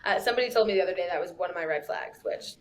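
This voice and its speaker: A woman's voice: on the low side, very fast. A woman, talking casually as a podcast guest, chatty and laughing often. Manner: chatty, laughs often, lots of "you know" and "like". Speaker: copywriter guest.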